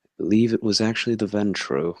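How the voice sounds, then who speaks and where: Brief: man voicing a courtly male vampire for a tabletop game, very low voice, dry close sound. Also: no echo. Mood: measured. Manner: formal, courteous, unhurried storytelling. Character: homeless male vampire, polite and measured. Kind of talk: tabletop role-play in character.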